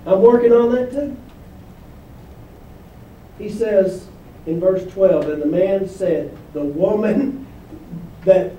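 High-voiced preaching man, echoey far mic. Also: expressive, measured pace, long pauses, mellow, a little hiss or hum. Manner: emphatic, call-and-response preaching. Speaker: pastor. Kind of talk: sermon.

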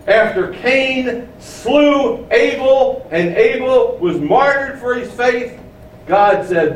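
A man's voice: high-pitched, a little hiss or hum. Man preaching in an echoey hall. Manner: explains, asks the room questions. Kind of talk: sermon. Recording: echoey room, mic at a distance.

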